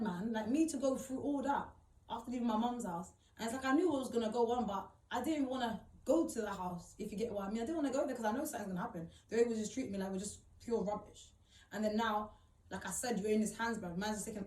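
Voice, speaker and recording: Recorded in a roomy space and well off the mic, a woman with a mid-range, slightly mellow voice tells her own story. Her talk is emphatic, repetitive and full of slang as she recounts what happened to her.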